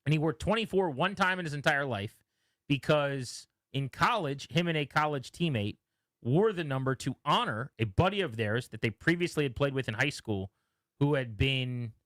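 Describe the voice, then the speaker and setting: On a dry recording, a man with a medium-pitched voice speaks at a normal pace as a sports radio host. His casual shop talk is animated, full of player stories and direct quotes.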